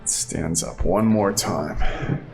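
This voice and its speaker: A man as game master, narrating a tabletop game in slow, descriptive lines. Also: sits low, vocal fry, music in the background. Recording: echoey room.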